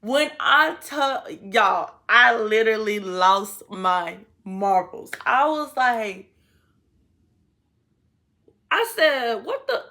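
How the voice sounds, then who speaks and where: Young woman telling her story, slangy and animated, bright and a bit high. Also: extremely slow. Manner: animated, slangy storyteller who talks to viewers. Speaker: vlogger. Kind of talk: storytime vlog.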